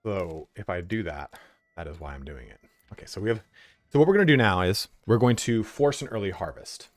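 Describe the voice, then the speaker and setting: In a dry recording, a low-pitched man with lively intonation talks a little fast while streaming a strategy game from home. His casual chat is laid-back and full of swearing, broken up by commands to his dog between bits of game commentary.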